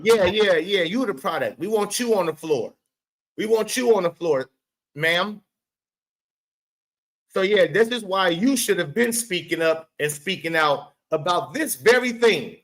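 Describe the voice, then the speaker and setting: A man's voice: sits high, animated, a little slow, a bit bright, poor audio. A man hosting his own show, giving a profane, emphatic commentary rant and talking straight at the person he is discussing. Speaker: show host.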